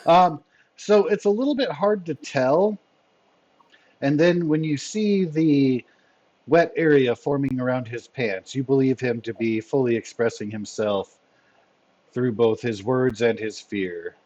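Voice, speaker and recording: A man narrating as game master of a tabletop role-playing game, in a relaxed way with fillers. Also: mid-range voice, a little slow, highs cut off.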